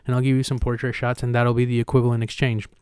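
A man's voice: medium pitch, completely flat delivery, fast, a little mellow, clear, resonant tone, dry recording, clean studio sound. A man hosting a podcast in casual conversation, talking candidly with slang and swearing, and acting out the conversations he retells. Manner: acts out retold dialogue with energy. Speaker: podcast host.

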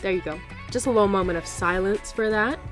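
A woman's voice: mid-range voice, fast, soft background music. A woman in her twenties hosting a casual solo podcast, chatty and full of "like" and "y'all". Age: 20s. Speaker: podcast host.

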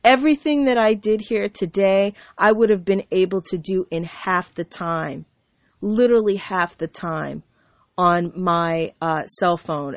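A woman hosts her own show, ranting to camera in an aggrieved, sarcastic monologue peppered with mocking asides. Her voice is mid-range, and the dry recording comes through a computer mic.

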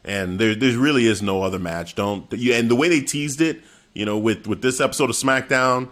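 A man's voice: medium pitch, fairly quick, fairly bright tone. A man hosting a casual chat, rambling and correcting himself as he asks questions.

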